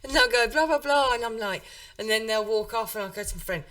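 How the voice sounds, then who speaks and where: A bright, forceful-sounding woman hosting a relaxed interview podcast. She is effusive and giggly, laughing often and heaping warm compliments on her guest. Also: fairly high pitch, fast. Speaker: podcast host. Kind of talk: casual interview chat.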